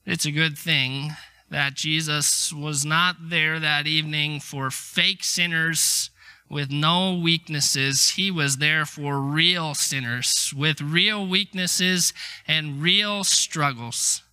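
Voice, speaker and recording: A man's voice: on the high side, steady tone, slow, bright, forceful tone, clear, resonant tone. A middle-aged man preaching a sermon in a conversational, emphatic way, acting out the quotes he tells. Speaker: pastor.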